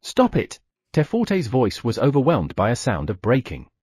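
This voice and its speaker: A man narrating a fantasy audiobook in first person, giving the other characters small shifts of pitch. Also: huge pitch swings, moderate pace, a little mellow, husky, no room sound.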